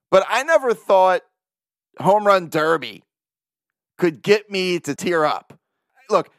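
A man hosting a podcast in a casual monologue, animated and self-mocking, chuckling often. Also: on the high side, smooth, dry recording, clean studio sound. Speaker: podcast host.

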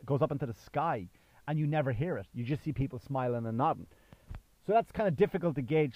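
A medium-pitched man in his thirties, an Irish comedian whose accent has faded over years in the US, hosts his own podcast in a loose solo monologue packed with fillers and restarts. The audio is dull, with no room sound.

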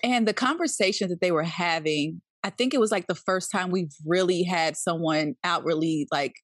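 A woman's voice: lowish voice, moderate pace, dry recording. Casual, chatty woman, dry sound. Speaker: podcast co-host. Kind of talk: casual chat about a TV show.

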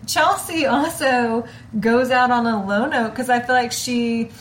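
A woman's voice: a little high, measured pace, slight background noise. A woman co-hosting a podcast, chatting casually in a blunt, sarcastic way. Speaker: podcast co-host. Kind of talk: casual chat.

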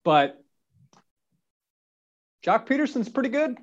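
A man hosting a casual interview, asking questions in a relaxed way and reading out lists. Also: very high-pitched, takes it slowly, muffled recording. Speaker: podcast host.

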